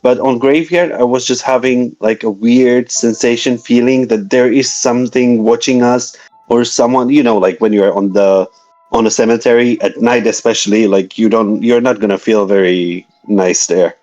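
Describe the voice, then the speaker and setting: A man's voice: mid-range voice, steady tone, moderate pace, a little mellow, faint music behind, rough recording. A man from Slovakia in his thirties with a Slovak accent, telling a story as a guest in a casual interview, with hesitant, filler-heavy, nonnative phrasing.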